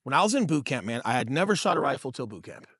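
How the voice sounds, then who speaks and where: Medium in pitch but swinging widely, this man's voice is fast, a bit bright and husky, captured in a dry, clean studio. In his thirties, he co-hosts a podcast and sells real estate, trading casual, profane stories and calling listeners dude and bro.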